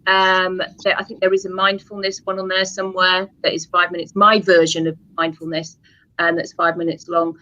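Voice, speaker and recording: A woman's voice: fairly low pitch, monotone, normal speed, sharp tone, dull audio. A British woman, a hypnotherapist guest, talking casually, chatty with frequent laughs and restarts. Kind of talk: casual chat.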